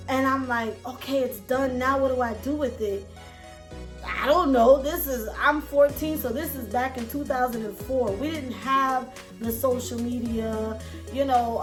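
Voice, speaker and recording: A woman in her thirties with a fairly high voice tells her own story, animated and blunt. She acts out her past thoughts with swearing. The room echoes and music plays clearly behind her. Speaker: vlogger and self-published author. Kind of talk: casual storytelling to camera.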